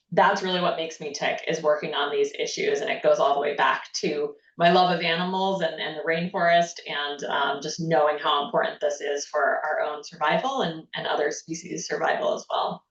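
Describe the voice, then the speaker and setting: A woman, a guest on a panel, answering in a friendly, reflective way with many pauses and ums. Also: sits low. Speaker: panel guest, sustainability advocate. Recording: dull, echoey sound from far off.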